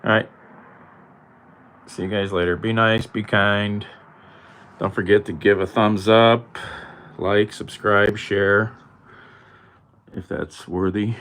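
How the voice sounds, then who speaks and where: A man's voice: lowish voice, slow, long pauses. A man in his sixties chatting casually and a bit rambling to the camera, recorded on a phone at home. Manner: relaxed, rambling, chuckling sign-offs. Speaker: vlogger.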